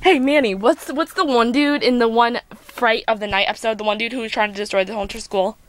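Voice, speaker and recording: A woman's voice: fairly high pitch, steady tone, quick pace, dry recording. A young woman playing out a homemade doll play, playful as she voices several characters.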